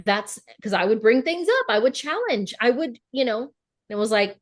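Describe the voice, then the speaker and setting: Animated woman acting out inner dialogue. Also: on the high side, normal speed. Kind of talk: casual conversational podcast chat. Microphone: video call.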